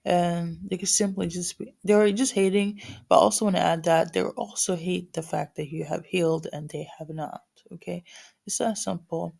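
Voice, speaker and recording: A woman's voice: fairly low pitch, fairly even intonation, normal speed, vocal fry, a little mellow. A woman with a morning voice giving a casual spiritual reading to viewers, rambling with many fillers and restarts. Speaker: spiritual reader.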